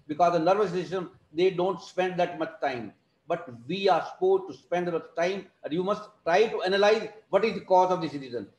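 High-voiced male teacher, echoey call. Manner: instructive, repeats key points, non-native phrasing. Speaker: teacher of alternative therapy. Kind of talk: online class lecture. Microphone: video call.

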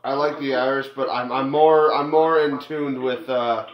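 A let's play gamer offers crude, joking commentary in a casual gameplay video, talking back to the game's characters. His voice is medium-pitched with fairly even intonation and a normal speed. The home recording sounds dull and echoey, with game music playing.

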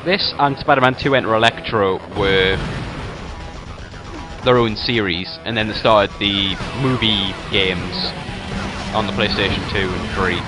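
A man's voice: fairly low pitch, unhurried. Chatty young man narrating gameplay. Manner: chatty, rambling, self-correcting. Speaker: gameplay commentator. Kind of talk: casual game walkthrough commentary. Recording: game music behind voice. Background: game music and gunfire sounds.

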